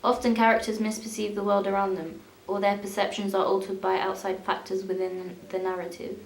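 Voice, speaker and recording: Young female student reading her coursework, monotone delivery, echoey room. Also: mid-range voice, a little fast. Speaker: student presenter. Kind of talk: reading a school media evaluation.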